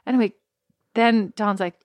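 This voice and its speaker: A middle-aged woman from Ireland co-hosting a casual chat podcast, telling stories with lively acted-out quotes. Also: mid-range voice, moderate pace, no echo. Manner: animated storytelling, acts out quotes. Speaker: podcast co-host. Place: home, living in the US.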